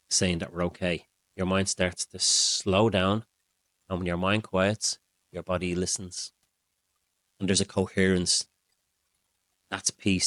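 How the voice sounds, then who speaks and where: A middle-aged man, a mindset coach, calmly explaining breathing and relaxation to his viewers in a steady way. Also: sits low, dry recording. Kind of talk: explaining to camera.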